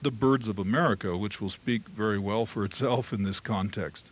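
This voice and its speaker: A man's voice: on the low side, normal speed, breathy edge, low-quality recording. A man, a filmmaker giving a lecture, speaking in a reflective, personal way. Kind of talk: lecture to an audience.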